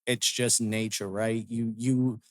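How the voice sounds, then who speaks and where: A man's voice: on the low side, level tone, slow pace, dry recording, studio quality. A man co-hosting a podcast in casual crude banter, swearing freely, laughing a lot and restarting his sentences. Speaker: podcast co-host.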